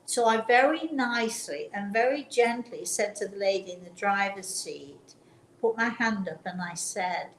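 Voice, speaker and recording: Picture a woman hosting a talk show, sharing a personal story in a gentle, earnest voice that often stops and restarts. Her voice carries a roomy echo, and a faint hum sits underneath. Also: mid-range voice, moderate pace. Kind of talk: casual chat, personal storytelling. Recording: roomy sound with faint background noise.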